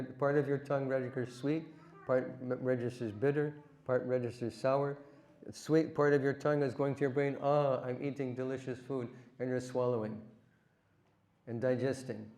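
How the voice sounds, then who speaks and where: Male spiritual teacher, mellow and dark-toned, rhetorical, recites verses. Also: medium pitch. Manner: asks the audience rhetorical questions and recites verses. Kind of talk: devotional lecture. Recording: echoey room.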